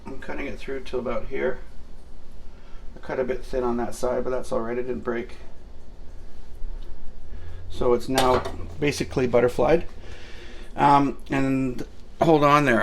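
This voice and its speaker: A man's voice: mid-range voice, creaky, slight background noise. A man hosting a casual home cooking demonstration in his kitchen. He rambles along with plenty of fillers and pokes fun at himself. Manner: rambling and self-mocking, with many fillers.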